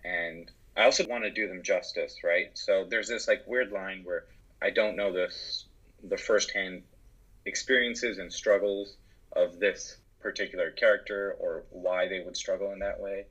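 A man's voice: sits low, fairly even intonation, measured pace, fairly bright tone, husky. A man with an American accent, talking as a podcast guest about acting and writing in a casual, earnest, reflective way. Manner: earnest, reflective, with frequent restarts. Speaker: podcast guest, actor and writer. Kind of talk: casual conversation. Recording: dull, lo-fi.

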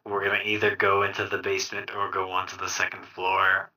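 A man playing a tabletop role-playing game, talking in a wry, deliberate way. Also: deep voice, completely flat delivery, bright, forceful tone, poor audio. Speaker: player. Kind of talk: casual tabletop game chat.

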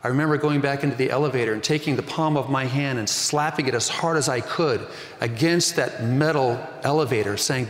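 A man's voice: medium pitch, a little fast. Male pastor, 50s, earnest sermon storyteller; reverberant hall recording. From Northern California. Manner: earnest storytelling preacher, rising emphasis.

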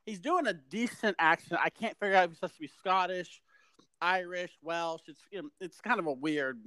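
A man's voice: sits high, brisk, pushed and bright, no echo. A man co-hosting a podcast, giving rambling, opinionated film criticism in casual chat. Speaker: podcast co-host.

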